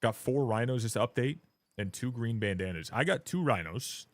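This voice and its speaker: A man streaming a game live, chatting casually and rambling, swearing often and getting loud and hyped when thanking viewers. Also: medium pitch, animated, moderate pace, no echo. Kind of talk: casual live-stream chat while gaming.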